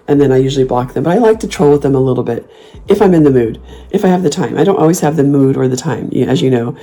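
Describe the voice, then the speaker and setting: A woman in her fifties with a low, mellow voice tells her stories in a loose, casual way. She is blunt and sassy, swears without a second thought, and slips into teasing, mocking voices when she repeats her comebacks. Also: quick pace. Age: 50s. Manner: playful mocking put-on voices when quoting herself. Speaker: host. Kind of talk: casual talk to camera.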